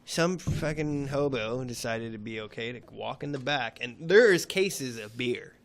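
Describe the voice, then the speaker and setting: A man's voice: medium pitch, animated, measured pace. A young man swearing freely and telling stories animatedly in a casual chat. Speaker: podcast guest.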